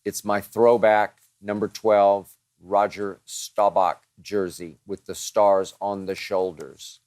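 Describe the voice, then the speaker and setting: A man's voice: on the low side, flat delivery, takes it slowly, darkish tone, no room sound, studio quality. A man hosting a show, answering listener questions in a dramatic, emphatic monologue that piles up strong words.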